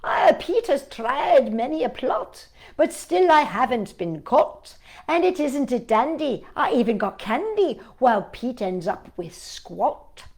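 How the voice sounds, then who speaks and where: A cheeky little male leprechaun from a picture book, rattling off rhymes in a sing-song lilt, as a woman reading aloud puts him on. The voice sits high and swoops around with a lot of movement. The pace stays slow and unhurried. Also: sing-song, darkish tone, heavily acted.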